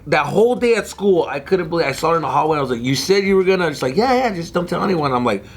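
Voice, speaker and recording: A man swaps stories in a laid-back podcast chat, his fairly high voice swinging wildly up and down. He swears freely and acts out the other people in his story with sudden leaps into shrill voices. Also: racing, breathy edge. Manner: animated and profane, acts out other people's voices with big jumps in pitch. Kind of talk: casual comedic storytelling.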